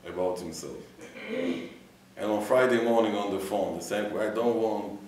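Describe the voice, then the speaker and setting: A man's voice: on the low side, moderate pace, darkish tone, slight background noise. A man, a rabbi, giving a Torah class and quizzing his students, mixing in Hebrew phrases. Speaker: rabbi teaching a weekly class. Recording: echoey room, mic far off.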